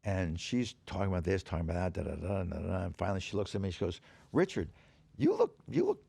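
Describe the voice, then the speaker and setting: A man guesting on a podcast, telling anecdotes in an animated, profane way and acting out the people in them. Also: sits low, rapid-fire, gravelly, breathy edge. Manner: animated, profane storyteller who acts out quoted dialogue. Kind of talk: anecdotal storytelling. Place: podcast stage.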